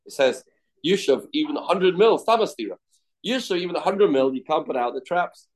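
A man's voice: lively intonation, fairly quick, poor audio. A man teaching a Talmud class, mixing English explanation with quoted Aramaic and Hebrew text and acting out the quoted voices. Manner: acts out quoted voices with sudden pitch jumps.

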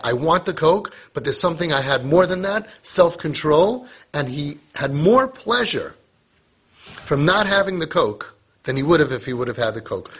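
Husky-voiced man giving a parenting lesson. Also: mid-range voice, a bit bright. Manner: conversational, sprinkled with Hebrew and Yiddish terms. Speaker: parenting teacher. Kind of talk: casual spoken lesson.

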